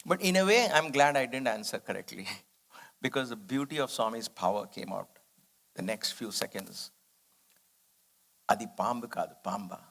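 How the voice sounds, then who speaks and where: A man's voice: mid-range voice, lively intonation, moderate pace, creaky, a bit bright. A man speaking at a devotional study circle, telling a personal spiritual story in an earnest, reflective way. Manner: earnest, reflective, acts out quoted dialogue.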